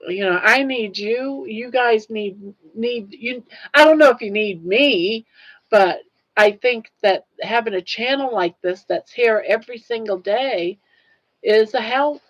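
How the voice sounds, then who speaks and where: A woman's voice: on the high side, unhurried, a bit bright, highs cut off. An older woman hosting a casual livestream chat, tearful and earnest as she talks straight to her viewers. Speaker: livestream host.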